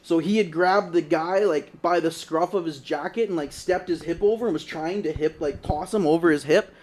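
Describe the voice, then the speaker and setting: A man's voice: fairly high pitch, normal speed, a little mellow. A young man, co-hosting a podcast, telling a long story in a rambling, casual way, peppered with "like" and cursing. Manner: rambling, lots of "like" and profanity. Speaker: podcast co-host.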